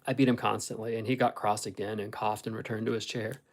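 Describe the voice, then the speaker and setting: A man reading a classic novel aloud in a steady, measured storytelling voice. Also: on the low side, rough recording. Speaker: audiobook reader.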